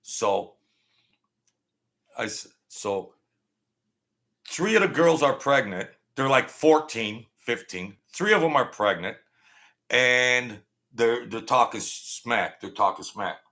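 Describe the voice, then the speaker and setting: Male live-show host, rambling storyteller, gravelly voice. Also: medium pitch, animated, takes it slowly, pauses often, bright, forceful tone. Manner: rambling, repetitive, thanks viewers by name. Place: small home studio setup.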